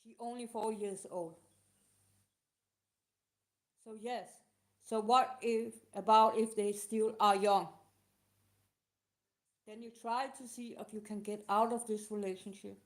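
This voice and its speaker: Emotional woman answering questions, halting. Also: medium pitch, little pitch movement. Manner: halting, emotional, non-native phrasing. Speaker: live show host. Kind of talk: casual live talk answering questions.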